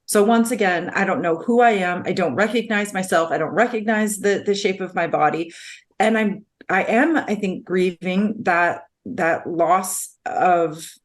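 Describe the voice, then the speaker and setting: A woman's voice: medium pitch, measured pace. A woman co-hosting a podcast, talking candidly and earnestly about her own experience, often repeating herself. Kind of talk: candid conversational podcast chat.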